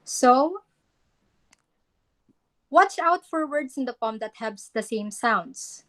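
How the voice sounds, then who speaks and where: A woman's voice: high voice, animated, slow, a bit bright. A woman teaching a class, instructing students on reading a poem aloud, modeling pronunciation and calling on students by name. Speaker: English teacher.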